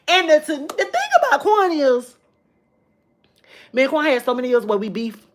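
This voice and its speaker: A woman's voice: high voice, very animated, normal speed, pauses often, fairly bright tone. Emotional chatty woman. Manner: chatty, emotional, addresses viewers as y'all. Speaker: vlogger. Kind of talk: casual personal storytelling to viewers.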